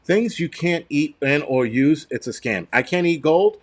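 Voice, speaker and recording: A man's voice: a little high, expressive, a little slow. A man hosting a casual livestream, ranting bluntly with lots of swearing and rambling restarts. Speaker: host.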